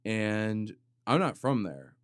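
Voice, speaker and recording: This podcast host has a fairly low voice with big pitch swings and speaks slowly, recorded at studio quality with no room sound through a compressed studio mic. His casual comedic monologue rambles, and he keeps cutting himself off to build jokes with mock drama.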